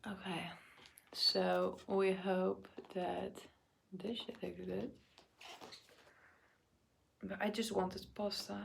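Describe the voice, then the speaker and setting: Excitable slow-talking woman vlogger. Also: mid-range voice, vocal fry, slight background noise. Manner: excitable, swears, frequent laughter. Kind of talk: casual food vlog chat.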